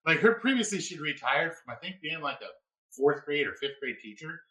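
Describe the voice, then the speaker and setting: A man spins a raucous work story in casual chat. His voice is bright and high, swinging up and down in pitch. He laughs often and shouts the quoted lines. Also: big pitch swings, a little fast, low-quality recording. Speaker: podcast host; former EMT.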